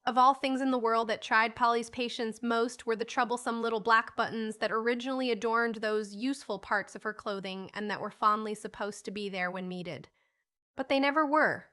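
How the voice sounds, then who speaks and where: A woman reading a classic novel aloud as an audiobook narrator, with expressive, clear delivery. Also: on the high side. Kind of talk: scripted narration.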